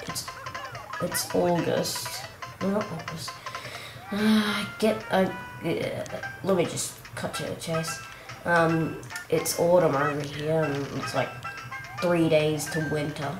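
A woman with a cough giving rambling, chatty commentary on a game walkthrough, exclaiming at the action. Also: low voice. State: coughing and clearing throat. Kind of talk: casual gameplay commentary. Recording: roomy with game music behind.

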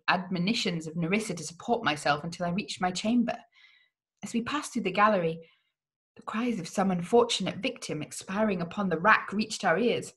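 A woman's voice: on the low side, fairly bright tone. A woman hosting a read-along, reading a gothic novel aloud with drama and the odd slip. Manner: dramatic reading with occasional slips.

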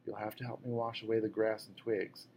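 Guy reading it, doing a hurt tired mom, soft and hushed, lowish voice. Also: little pitch movement, fairly quick, a little hiss or hum, natural voice, poor audio. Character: injured, tired but brave mother, gentle. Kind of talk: audiobook reading.

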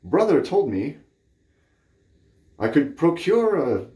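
A man putting on a pompous, mock-formal posh gentleman in disguise, in an echoey room. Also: on the high side, sing-song, slow, slight background noise, voice pushed up. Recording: roomy echo.

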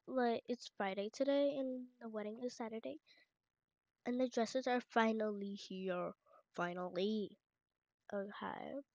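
A woman's voice: mid-range voice, a little mellow, no echo. A woman hosting a channel who narrates a casual game story aloud as she plays, chatty and rambling. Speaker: channel host. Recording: dull lo-fi home mic, dry. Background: family noise in the home.

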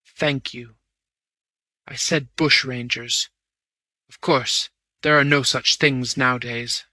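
A male reader playing a wounded bank manager, breathless and faint, speaking slowly in broken phrases. The voice stays bright and dry, close to the microphone. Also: medium pitch, fairly even intonation, no room sound. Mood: weak. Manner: faint, halting, slow phrases. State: weak and breathless. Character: wounded, exhausted male bank manager, weak but earnest.

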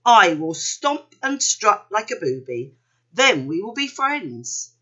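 A woman's voice: medium pitch, slow pace, husky, muffled recording, exaggerated voice. A woman voicing a lonely, eager young male panda in a picture book she reads aloud to children. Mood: excited. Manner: wishful, bursting into excitement.

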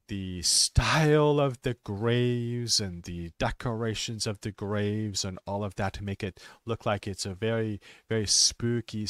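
A man who talks slowly and simply for English learners, with many restarts, and sometimes trails off into quiet muttering. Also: lowish voice, no echo, studio quality. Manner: slow, simple wording with many restarts and fillers; drops to quiet mutters while fixing his stream. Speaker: ESL teacher streaming. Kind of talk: casual talk for English learners.

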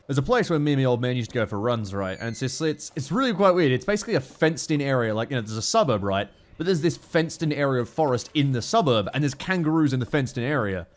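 Excitable Australian gamer, lively pitch. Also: male voice. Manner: excitable, swears a lot, laughs often. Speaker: gaming YouTuber. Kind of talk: let's play commentary.

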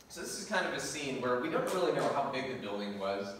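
A male pastor preaching a sermon, reading scripture aloud and telling the story with lively, animated asides and laughs. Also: mid-range voice, fast talker, few pauses, slight background noise. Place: church sanctuary. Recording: echoey church hall from far off.

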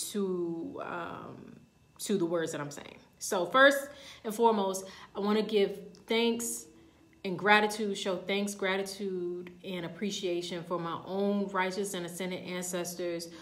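A woman giving an informal, live-streamed spiritual talk to the camera, speaking straight to her viewers in a chatty way. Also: lowish voice. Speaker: spiritual reader. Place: indoor room. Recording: echoey room, faint background noise.

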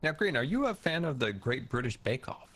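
A man's voice: medium pitch, big pitch swings, fairly quick, a bit bright. A man in a casual gaming chat, asking questions and telling dry jokes. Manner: dry joker, asks questions.

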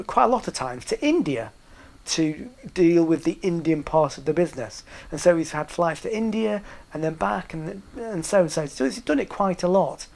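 A man's voice: on the high side, gravelly. Middle-aged man, northern English accent, loose rambling anecdote delivery, hesitant, laughs along with his own tale. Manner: rambling, hesitant, with many fillers and restarts. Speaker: storyteller. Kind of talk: casual anecdote telling.

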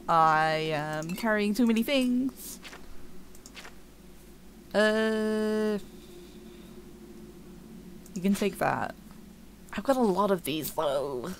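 A woman's voice: medium pitch, animated, drawn-out words, pauses often, slight background noise. A woman streamer chatting casually over gameplay, giggling often and talking to her chat.

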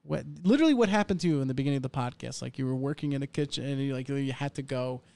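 Excitable gravelly podcast host man. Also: mid-range voice, rapid-fire, no echo. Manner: excitable, slangy, jumps in often. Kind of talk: casual podcast chat.

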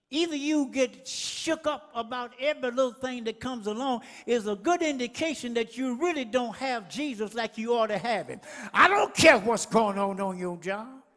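A man preaches in a high, bright voice with a fiery call-and-response drive. He pushes his phrases up into shouts at their peaks. The sound carries a long echo through the church hall. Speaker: pastor. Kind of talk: sermon. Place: church sanctuary.

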